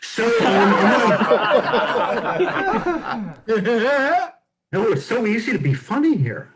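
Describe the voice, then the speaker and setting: High-voiced man telling comic stories. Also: very animated, takes it slowly, background noise. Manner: chatty, self-deprecating storytelling. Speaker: stand-up comic. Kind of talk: stand-up comedy set over a video call. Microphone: video call mic. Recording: video call with loud laughter behind.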